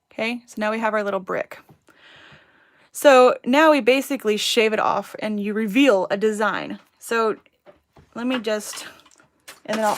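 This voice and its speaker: A woman's voice: mid-range voice, vocal fry. A woman hosting a casual livestream craft tutorial, chatting and giggling with her viewers as she works. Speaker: crafting channel host.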